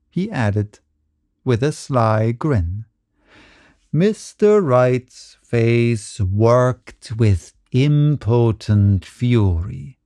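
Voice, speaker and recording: A man narrates a short story at an unhurried pace. His delivery is measured and steady, recorded close with no room sound. The pitch is middling. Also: no room sound. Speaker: audiobook reader.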